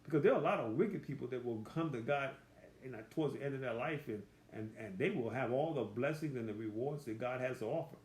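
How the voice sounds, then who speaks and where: A man's voice: mid-range voice, a little mellow, reverberant. Folksy man teaching a Bible study. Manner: reads verses slowly and emphatically, then explains in plain folksy talk.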